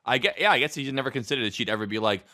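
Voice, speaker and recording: Animated swearing man in casual podcast chat. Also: mid-range voice, racing, no room sound, clean studio sound. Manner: swearing, animated, reads stories aloud. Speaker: podcast co-host.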